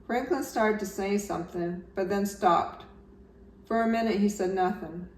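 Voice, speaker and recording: A woman, a teacher, reading a children's storybook aloud with gentle, expressive narration. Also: mid-range voice, moderate pace. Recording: roomy echo, slightly distant mic, faint background noise.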